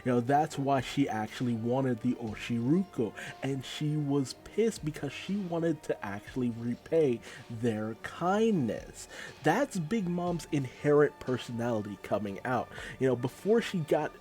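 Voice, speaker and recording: Casual male manga reviewer, warm, dark tone, loose delivery, light music underneath. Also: medium pitch, a little slow. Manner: animated, laughing, loose and profane. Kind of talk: casual commentary recap.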